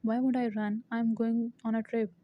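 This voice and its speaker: A woman voicing a treacherous man cornered by a mafia boss in a storybook reading, in a flat, even way. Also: on the high side, moderate pace, close to an everyday voice. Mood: nervous. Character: treacherous male gang rival, cornered. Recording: dull lo-fi recording.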